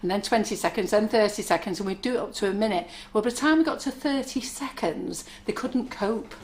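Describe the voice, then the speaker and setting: A woman's voice: medium pitch, a little fast. A middle-aged woman, chatting and telling stories while demonstrating baking products on a live stream from her kitchen. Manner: chatty, rambling, storytelling. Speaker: baking shop owner presenting products. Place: shop kitchen.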